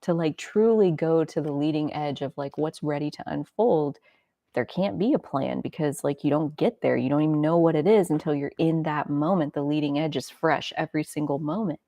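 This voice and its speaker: A woman's voice: sits low, brisk, dark tone, no room sound. A woman hosting a casual spiritual self-help talk, reflective and rambling, with many filler words. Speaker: host.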